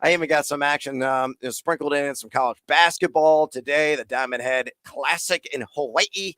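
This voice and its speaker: A man hosting a fantasy football Q&A, answering chat questions rapid-fire with playful, hyped asides. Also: mid-range voice, steady tone, fairly bright tone, dry recording. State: out of breath.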